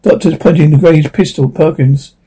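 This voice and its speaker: A man's voice: a little high, steady tone, a little fast, warm tone, breathy edge, rough recording. A man reading a drama script aloud, naming each speaker and reading the stage directions with small slips. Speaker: script reader.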